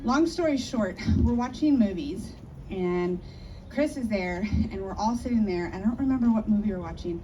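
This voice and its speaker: A woman's voice: medium pitch, expressive, moderate pace, warm tone. A middle-aged woman, a family friend, telling a chatty story in a memorial speech, recorded from a distance. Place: memorial gathering. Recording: distant mic, faint background noise.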